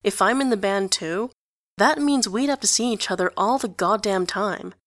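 A sarcastic, blunt teenage boy, read by a woman. Mid-pitched and casual with a dry, close sound in a storybook reading. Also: moderate pace, fairly bright tone, no echo, natural voice. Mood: sardonic. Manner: sardonic, casual.

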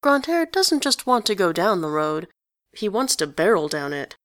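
A woman narrating a story in an even, conversational way. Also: medium pitch, moderate pace, no room sound, studio quality. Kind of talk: story reading.

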